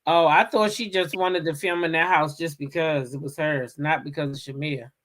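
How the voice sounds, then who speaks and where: A woman hosting a casual chat show, talking in a sassy, animated way. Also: low voice, normal speed. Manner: sassy, animated, laughs at herself. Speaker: host.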